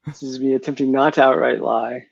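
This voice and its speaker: A man playing a tabletop game, speaking slowly and hesitantly. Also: medium pitch, steady tone, creaky, no room sound. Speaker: player. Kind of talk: casual tabletop play. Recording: dull lo-fi mic.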